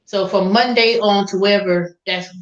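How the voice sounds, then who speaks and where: A woman's voice: mid-range voice, fairly even intonation, normal speed. A woman hosting a casual chat, telling stories about her phone sales calls and acting out callers in quoted voices. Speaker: podcast host. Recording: roomy, dull lo-fi sound.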